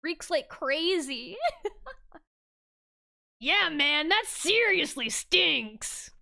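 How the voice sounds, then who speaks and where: A woman streams a game with casual, playful commentary, laughing often as she reads lines aloud. Her high, animated voice moves extremely slowly, with vocal fry and a sharp tone, while faint music plays in the background.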